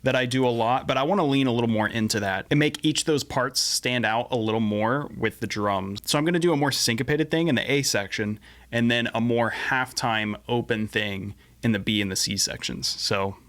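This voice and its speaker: A man's voice: medium pitch, fairly quick, fairly bright tone. A man chatting casually through a song he is building in his home studio, laid-back and self-deprecating, sometimes tripping over his words. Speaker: musician making a song on camera. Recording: music playing behind the voice. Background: guitar and drum playback.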